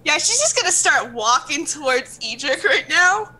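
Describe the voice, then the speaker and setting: A woman playing a tabletop role-playing game, softly and hesitantly narrating what her character does. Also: sits high, sing-song, normal speed, rough recording. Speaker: player. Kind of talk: casual tabletop role-play.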